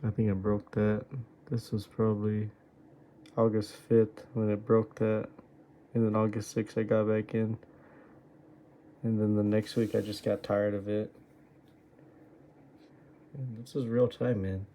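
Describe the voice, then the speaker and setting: A man's voice: lowish voice, little pitch movement, measured pace, pauses often, dark tone, a little hiss or hum. A man going over his own trades and muttering to himself, exasperated and swearing at his own choices. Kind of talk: muttering self-critical screen review.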